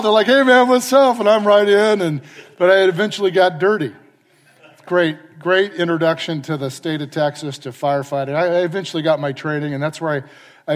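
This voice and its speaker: Animated storytelling preacher in a hall. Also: male voice, fairly high pitch. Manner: animated storyteller acting out his own lines. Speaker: pastor and fire chaplain. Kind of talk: storytelling sermon. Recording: long reverb of a large hall.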